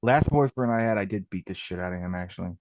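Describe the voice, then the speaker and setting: A man's voice: deep voice, fast, a little mellow, dry recording. A man calling in to a talk show, telling long rambling stories and swearing constantly. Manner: profane, rambling storytelling. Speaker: caller. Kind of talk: casual call-in chat.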